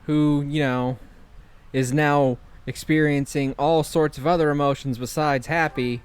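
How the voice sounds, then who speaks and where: A man's voice: fairly high pitch, fairly even intonation, unhurried, clear, resonant tone, faint music behind. A man casually commenting while streaming a video game, playful and chatty, reading his character's lines aloud. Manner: yawning, chatty. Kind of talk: casual let's-play commentary.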